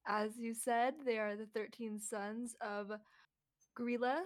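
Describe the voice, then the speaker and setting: Woman, podcast co-host, somewhat high voice, casual and jokey, laughs a lot. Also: little pitch movement, measured pace. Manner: giggly, swears freely, jokey asides. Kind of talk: casual chat.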